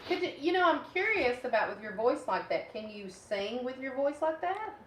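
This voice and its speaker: Lively higher-voiced woman co-host. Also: moderate pace, rough recording. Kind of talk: casual livestream chat.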